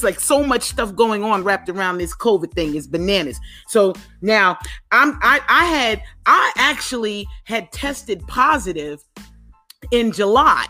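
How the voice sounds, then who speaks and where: A woman hosting a comedy podcast, telling brash, profane stories in a loud, animated stand-up style. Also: on the high side. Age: adult with children. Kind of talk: stand-up style comic monologue.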